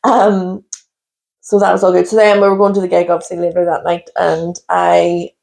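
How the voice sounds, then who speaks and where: A young woman, co-hosting a podcast and telling lively anecdotes in casual chat. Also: lowish voice, normal speed, creaky. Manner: animated storytelling, acts out people she met. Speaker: podcast co-host.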